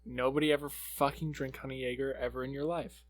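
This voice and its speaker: A man's voice: mid-range voice, little pitch movement, fairly quick, slight background noise. A young man co-hosting a podcast, telling a rambling, profanity-laced story in casual chat. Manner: rambling storyteller, swears a lot. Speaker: podcast co-host.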